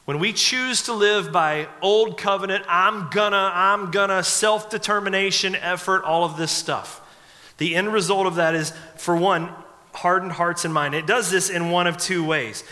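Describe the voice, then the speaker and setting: In a church sanctuary with long reverb, a pastor in his forties preaches a sermon in a high, bright voice. He moves at a moderate pace, telling humorous stories in a chatty, relaxed, conversational way.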